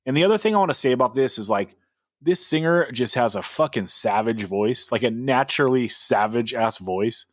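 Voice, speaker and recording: A man co-hosts a music podcast in a loose, rambling way. He swears casually and leans on fillers like "like" and "you know". His voice sits at an ordinary pitch and sounds dry and close, with no room around it. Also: lively intonation, moderate pace, dry recording. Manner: loose and profane, heavy on filler words. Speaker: podcast co-host. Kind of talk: casual chat.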